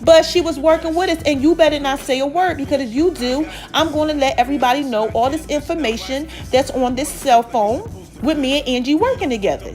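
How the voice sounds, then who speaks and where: A chatty woman host speaks, her voice riding high as she recaps a TV episode. She jumps into the characters' lines with animated delivery, and faint music plays underneath. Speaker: podcast host.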